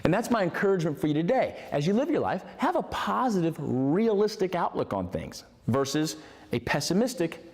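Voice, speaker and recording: A man hosting a motivational talk, animated and emphatic, repeating key words for stress. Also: high voice, a little fast. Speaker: motivational host. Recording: long hall reverb.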